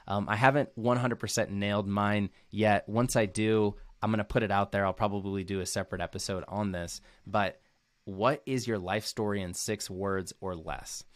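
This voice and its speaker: A man's voice: lowish voice, fairly even intonation, normal speed, no echo. A young man giving an earnest, casual recap to camera as a motivational coach, often using "like" as a filler and repeating key phrases.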